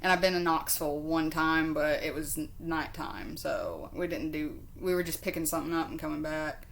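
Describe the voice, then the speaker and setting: A woman's voice: sits low, normal speed, creaky, slight background noise. Rambling, chatty woman telling a story. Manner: rambling, goes off on tangents, swears often; chatty and expressive, laughs often. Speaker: vlogger. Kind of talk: casual storytelling to camera.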